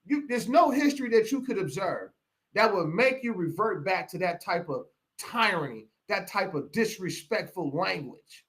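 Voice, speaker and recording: Heated high-voiced man ranting. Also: very animated, moderate pace, fairly bright tone. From Pontiac, Michigan. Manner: heated, preachy, repeats phrases for emphasis. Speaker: show host. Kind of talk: live broadcast commentary rant.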